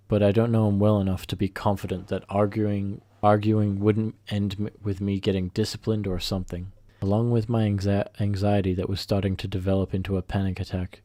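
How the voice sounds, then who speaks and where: Low-voiced man narrating a story. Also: mellow, dry recording. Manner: halting, self-correcting reading. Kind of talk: reading a first-person revenge story.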